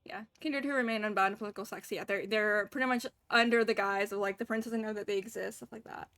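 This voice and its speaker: A woman's voice: mid-range voice, fairly even intonation, fast, hardly any pauses, a bit bright. A young adult woman streaming a video game, chatting casually, swearing, and laughing at her own mispronunciations.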